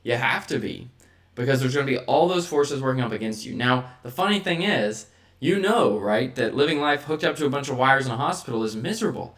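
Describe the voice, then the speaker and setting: A man's voice: medium pitch, animated, fairly quick, a bit bright. A man hosting a vlog, talking through a motivational monologue and checking in with the listener by asking "right?" again and again. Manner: rhetorical, checks in with frequent "right?" tags. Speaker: vlog host.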